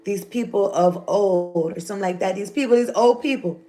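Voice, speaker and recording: A woman's voice: medium pitch, fairly quick, mellow, soft background music. A woman, giving a loose, joking, profane tarot reading. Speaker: tarot reader.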